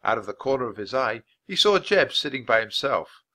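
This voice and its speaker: A man reading a children's chapter book aloud for language learners, clear and measured. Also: medium pitch, big pitch swings, pushed and bright. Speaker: storybook reader. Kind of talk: scripted narration for language learners.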